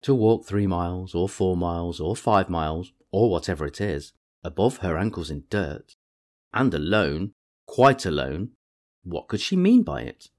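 A man reads as a sneering, snobbish young lady of society, scornful and mocking. The pitch climbs and swings widely on her barbs. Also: big pitch swings, unhurried, a little mellow.

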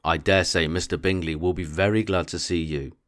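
A man reading aloud voices an excitable middle-aged mother, raising his pitch and pushing eagerly. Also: a little fast. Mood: eager, insistent. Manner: eager, insistent, raised pitch.

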